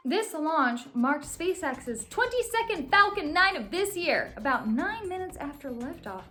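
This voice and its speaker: A woman's voice: high voice, a bit bright. A young woman hosting a casual scripted news recap, cracking playful jokey asides. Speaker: host.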